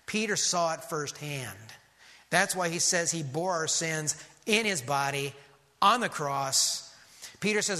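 A man preaching a sermon as pastor, emphatic and rhythmic, dropping to a hush on key words. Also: high-pitched, lively intonation, unhurried, in a large hall.

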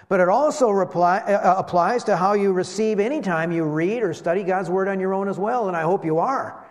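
A man preaching a sermon as pastor, animated and slowing down to stress key words. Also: sits high. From West Michigan. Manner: animated preaching, slows for emphasis. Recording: long hall reverb.

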